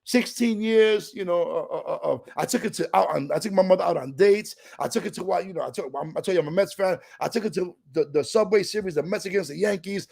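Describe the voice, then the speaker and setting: Gravelly high-voiced New man. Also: quick pace, few pauses, a little mellow. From New York, Puerto Rican family. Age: middle-aged. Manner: streetwise, emotional, casual storytelling. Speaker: recovery speaker. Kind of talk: personal recovery talk.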